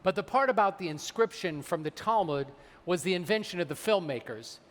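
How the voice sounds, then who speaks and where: A man, a rabbi, delivering a holiday sermon, slowing down and weighing his words when he quotes sacred texts. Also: sits high, animated. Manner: measured, slows for emphasis on quoted texts. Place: large synagogue sanctuary. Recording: long hall reverb.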